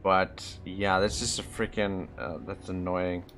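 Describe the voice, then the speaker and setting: Low-voiced East Coast Canadian man streaming. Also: little pitch movement, a little slow, a bit bright, faint music behind. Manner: thinks aloud, plans moves, swears when annoyed. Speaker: gaming live streamer. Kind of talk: live gameplay commentary.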